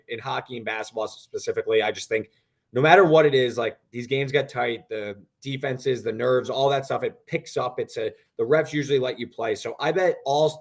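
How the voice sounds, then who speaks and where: A young man co-hosting a sports betting show, telling a long story in an animated, rambling way. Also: medium pitch. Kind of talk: casual podcast chat.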